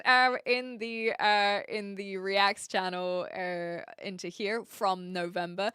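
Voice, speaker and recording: A woman's voice: mid-range voice, fairly even intonation, takes it slowly, few pauses, bright, forceful tone, clean tone, dry recording, studio quality. A young woman livestreaming, chatting casually and rambling with lots of fillers while reacting to her chat. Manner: reads chat and reacts aloud.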